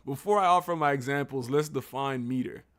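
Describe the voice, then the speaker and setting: A man talking loosely on a livestream, in a voice pitched right in the middle for a man. He reads passages aloud with stumbles and restarts, then drifts into slangy, profane commentary. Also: fairly bright tone. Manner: reads text aloud haltingly, then riffs on it.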